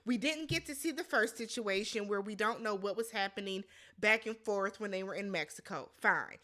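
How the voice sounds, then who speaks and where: A woman giving a casual, animated recap of a reality TV episode, blunt and quick to exclaim. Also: medium pitch.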